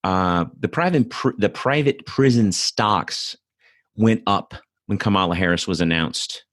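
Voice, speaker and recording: A middle-aged man with a very deep voice speaks alone as host of his own show. He talks bluntly and curses freely, with many fillers and restarts. The recording is dry, with almost no room sound. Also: measured pace, fairly bright tone, no echo. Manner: blunt and profane, with frequent fillers. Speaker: podcast host. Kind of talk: solo casual monologue.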